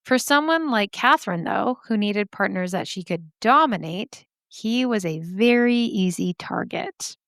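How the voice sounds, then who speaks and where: A woman hosts a true-crime podcast in a relaxed, chatty way. Her voice sits in an ordinary middle range and is recorded dry and close, with almost no room sound. She laughs often and breaks in with sassy asides. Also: mid-range voice, measured pace, hardly any pauses, no room sound. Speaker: podcast host. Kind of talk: casual true-crime storytelling.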